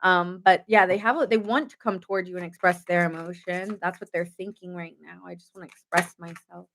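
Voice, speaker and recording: A woman's voice: on the low side, steady tone, brisk, a bit bright. A woman giving a casual late-night tarot reading, chatty and goofy, joking often. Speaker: tarot reader.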